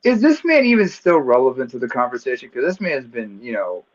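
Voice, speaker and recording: A man's voice: mid-range voice, big pitch swings, brisk. Joking man over a dull lo-fi line. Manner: playful, mock radio-ad jokes. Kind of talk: joking podcast banter.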